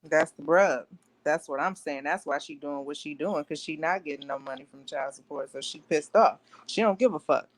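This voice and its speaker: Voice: medium pitch, moderate pace, no room sound. Emphatic opinionated speaker in casual talk. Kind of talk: casual chat.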